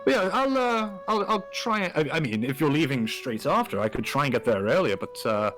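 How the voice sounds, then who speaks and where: A man's voice: a little high, sing-song, a little fast, a bit bright. A man voicing a jovial, scheming male town official who hedges and trades favours. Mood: chummy. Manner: chummy, hedging, fond of favours. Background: faint background music.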